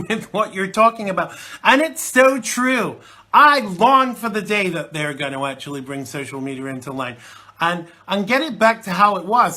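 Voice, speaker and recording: A man's voice: high voice, pushed and bright. Chatty British-based man hosting a talk show. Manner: chatty, rambling, many fillers. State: chesty cold. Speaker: host. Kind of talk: live internet talk show.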